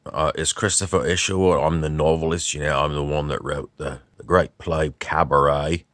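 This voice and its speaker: A man putting on a rambling older novelist, halting and apologetic, in a comic impression monologue. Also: extremely low pitch, fairly even intonation, a bit bright, no echo.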